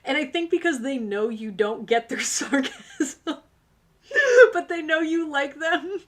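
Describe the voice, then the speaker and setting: Hosting a tarot livestream, this woman speaks to her viewers in a casual, sassy way and laughs a lot. Her voice sits high and moves a little slowly, and she addresses the audience directly as both tarot reader and stream host.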